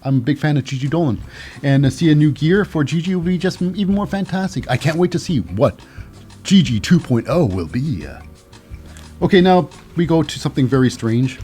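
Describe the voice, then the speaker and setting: A man's voice: fairly high pitch, very animated, fairly quick, warm tone, soft background music. A man hosting a solo podcast, recapping in a rambling, wry way with many restarts. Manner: rambling, restarts, dry asides. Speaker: podcast host.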